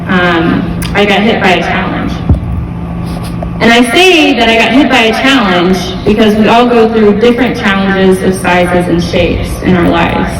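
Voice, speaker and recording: A young adult woman giving a casual, earnest motivational talk to students as a guest speaker, with fillers and restarts. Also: medium pitch. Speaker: guest speaker at a school event. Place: large school hall. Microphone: distant camera mic. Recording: echoey gym, far from the mic.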